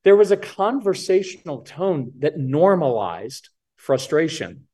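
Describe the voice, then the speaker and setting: A man's voice: sits high, normal speed, few pauses. A man on a podcast as a parenting coach guest, talking casually and acting out what kids and parents say. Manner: animated, acts out kids' and parents' lines.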